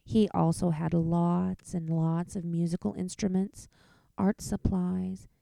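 A woman's voice: fairly low pitch, flat delivery, slow, creaky, warm tone, no echo, poor audio. A woman reading a children's picture book aloud expressively, whispering each page turn. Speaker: narrator.

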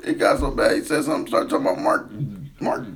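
A man hosting a podcast, telling a story in casual chat and acting out the quotes in a loud, high voice. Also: huge pitch swings, quick pace, vocal fry. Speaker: podcast host.

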